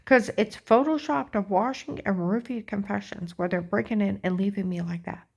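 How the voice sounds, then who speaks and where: Gravelly-voiced woman in a rambling rant. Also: mid-range voice, normal speed. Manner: rambling, agitated, full of fillers and repeated "okay?". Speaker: vlogger. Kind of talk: rambling personal monologue.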